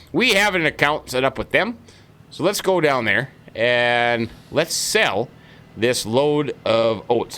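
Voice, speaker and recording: Folksy, lively-voiced man rambling over gameplay. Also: mid-range voice, poor audio. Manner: folksy, rambling, repeats stock phrases. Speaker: gaming channel host. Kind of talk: casual let's-play commentary.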